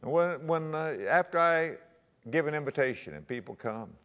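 A man's voice: on the high side, lively intonation, normal speed, a bit bright, clean tone. A man, a pastor, giving an earnest teaching sermon that rises to emphatic, exhorting peaks. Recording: long hall reverb.

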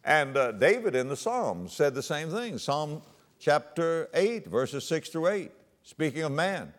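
A man preaches a sermon in an unhurried, sing-song manner, quoting scripture in old-fashioned wording. He swings his voice high and low for emphasis, and the recording carries long hall reverb.

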